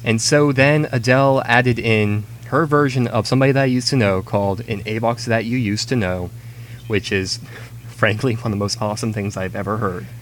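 A man's voice: lowish voice, fairly even intonation, normal speed, slight background noise. A man co-hosting a casual podcast chat, giving opinions and thinking aloud as he talks. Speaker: podcast co-host.

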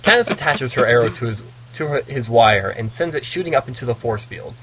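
A man's voice: mid-range voice, expressive, brisk, a bit bright, breathy edge, rough recording. A man co-hosting a casual book discussion, recapping the plot with playful asides. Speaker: podcast co-host recapping a novel.

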